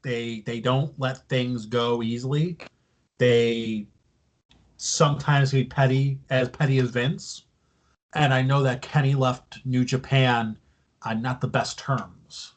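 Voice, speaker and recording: A man's voice: medium pitch, fairly even intonation, slow. A man co-hosting a casual wrestling podcast, explaining news at length in a loose, profane way. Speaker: podcast co-host.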